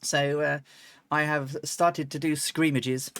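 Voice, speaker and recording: A woman's voice: low-pitched, steady tone, slow pace, a bit bright. Rambling flight-sim streamer woman. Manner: rambling, many ums and restarts; bursts into laughs and chants. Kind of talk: casual live-stream chat.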